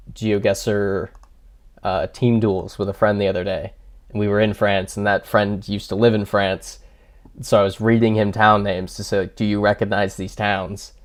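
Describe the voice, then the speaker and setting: A man streams a game and thinks aloud, reading out his viewers' comments and joking about himself. His voice sits low and he talks slowly. Keyboard clicks and typing can be heard behind him. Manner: thinking aloud, chatty and self-deprecating, reading chat. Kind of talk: casual livestream commentary.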